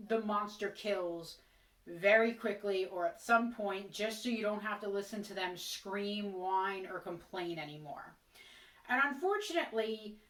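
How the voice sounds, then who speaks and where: A woman casually reviewing a horror film in a chatty, exasperated way, with frequent ums. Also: mid-range voice. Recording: roomy, distant mic.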